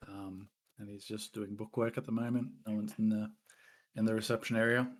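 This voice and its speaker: A man narrating as game master, describing scenes in a relaxed, loose way. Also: on the low side, a little fast. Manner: relaxed, loose, many fillers.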